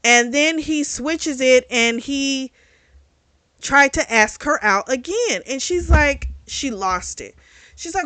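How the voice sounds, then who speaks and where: A woman talks through a book's plot in a loose, animated way, peppering it with fillers and the occasional curse. Her voice is bright and forceful. The sound is close and dry, with no room around it. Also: high-pitched, slow pace, no room sound. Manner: animated retelling full of fillers and swearing. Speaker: book reviewer. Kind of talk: casual spoken book recap.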